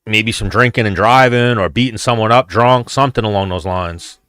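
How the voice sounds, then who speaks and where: A man's voice: fairly low pitch, normal speed, a bit bright, clean tone, dry recording. A man hosting a casual fight watch-along, chatting loosely with viewers in a rambling, profane way. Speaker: host.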